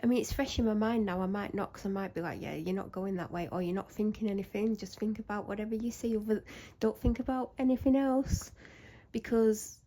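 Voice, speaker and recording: A woman's voice: mid-range voice, brisk, mellow. A young woman rambles anxiously in a casual vlog chat, often interrupting herself. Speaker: vlogger.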